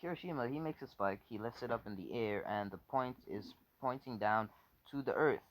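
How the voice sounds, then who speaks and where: A man's voice: mid-range voice, brisk. A man casually telling a made-up story off the cuff, rambling, correcting himself often and swearing. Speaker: fan fiction storyteller.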